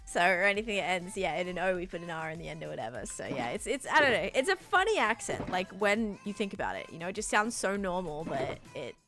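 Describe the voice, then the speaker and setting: A young woman from Sydney with a softened Australian accent, chatting casually and rambling while she streams a game and answers her chat. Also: on the low side, big pitch swings, quick pace, hardly any pauses, faint music behind.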